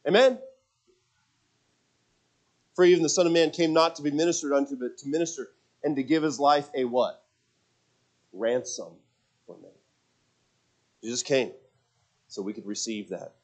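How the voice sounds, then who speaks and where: Guy preaching a sermon, kinda high voice, gets loud then goes quiet telling a story. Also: normal speed, pauses often. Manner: swings from quiet storytelling to raised, emphatic preaching; reads scripture in King James wording. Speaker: pastor.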